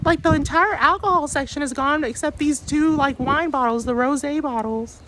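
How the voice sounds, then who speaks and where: A man putting on a shrill, whiny voice to mock someone complaining about a store. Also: moderate pace, bright, forceful tone, a little hiss or hum, rough recording.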